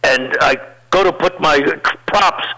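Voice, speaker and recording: An older man, a comedian, telling rambling, animated anecdotes in a casual interview. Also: fairly high pitch, measured pace, poor audio. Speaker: comedian guest.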